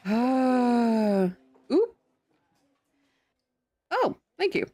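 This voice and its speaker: A woman's voice: a little high, sing-song, very slow, dark tone. A young woman streaming a game, chatting casually and laughing often as she comments on the story. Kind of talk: casual let's-play commentary.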